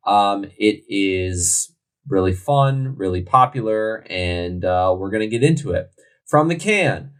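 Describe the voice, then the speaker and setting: Slow-talking jokey man. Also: medium pitch. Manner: jokey, goofy asides. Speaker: podcast co-host. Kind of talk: casual beer review chat.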